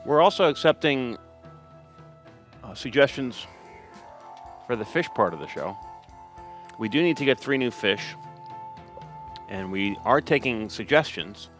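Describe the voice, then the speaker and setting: A man co-hosting a casual live stream, cracking goofy jokes in a deadpan way. His voice sits at a middle pitch, with faint music behind him. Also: a little slow, pauses often. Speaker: co-host. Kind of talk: casual chat.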